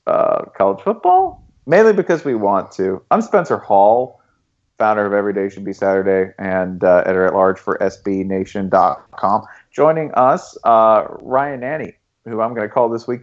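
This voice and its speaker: A man's voice: lowish voice, normal speed, dull audio. A man from Tennessee with a light Southern accent, hosting a podcast in casual chat and laughing often. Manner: laughs often, animated when joking. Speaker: podcast host.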